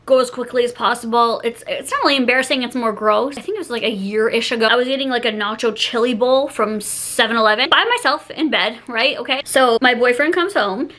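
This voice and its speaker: Bright high-voiced young woman vlogger. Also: fairly quick, few pauses. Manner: chatty, self-mocking, laughs often. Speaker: YouTuber telling stories. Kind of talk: casual storytime vlog.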